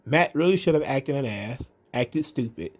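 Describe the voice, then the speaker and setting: A man runs his own wrestling commentary show, speaking casually and bluntly with sarcasm and profanity. He has a medium-pitched voice with lively intonation and a moderate pace.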